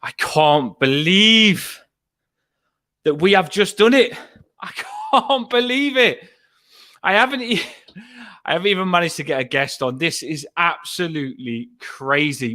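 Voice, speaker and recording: Excitable male fan-show host, a touch high, rambling and breathless with adrenaline. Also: normal speed. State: shaky with adrenaline. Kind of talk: excited fan match reaction.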